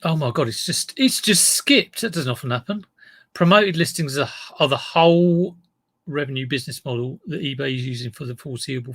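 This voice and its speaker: A man's voice: mid-range voice, vocal fry, fairly bright tone, no echo. A man, chatting casually on a live stream as an online reseller, greeting viewers by name and rambling into asides. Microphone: desk mic in front of him.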